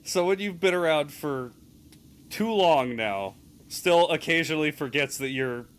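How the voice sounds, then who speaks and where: A man's voice: on the high side, animated, measured pace, clean tone. A young man hosting a gaming stream, chatting casually and teasing his friend, laughing often as he retells stories. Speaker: gaming channel host. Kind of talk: casual chat while playing.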